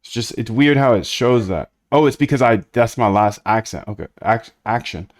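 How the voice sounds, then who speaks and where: A man's voice: medium pitch, moderate pace. Chatty man thinking aloud while coding. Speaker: coding streamer. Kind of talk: casual live-coding chat.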